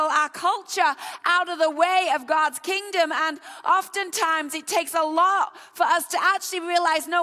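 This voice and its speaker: A woman preacher delivering an impassioned sermon that builds to shouts, in a church hall. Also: extremely high pitch. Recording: long reverb of a large hall.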